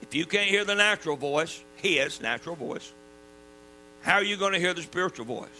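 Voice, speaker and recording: Southern male preacher, high piercing voice, folksy emphatic sermon, hum under it. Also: lively intonation, brisk, low-quality recording. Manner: folksy, emphatic preaching with sudden drops to quiet. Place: church.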